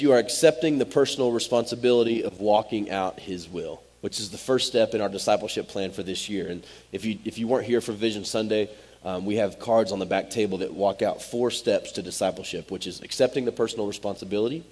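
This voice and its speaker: A man's voice: on the low side, fairly quick, darkish tone, husky. A man, preaching a sermon as pastor in a direct, conversational way. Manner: direct, conversational, Southern-tinged "y'all" asides.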